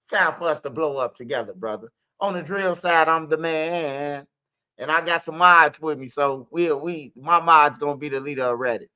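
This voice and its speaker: A man's voice: on the high side, moderate pace, pushed and bright. A man hosting a stream, talking in rambling casual commentary with street slang and repeated words. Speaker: streamer host. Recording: dull lo-fi stream audio.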